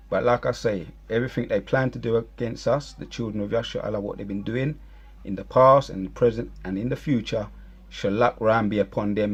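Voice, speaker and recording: A man's voice: lowish voice, creaky, slightly rough. A man giving heated, rambling religious commentary, scolding and preachy.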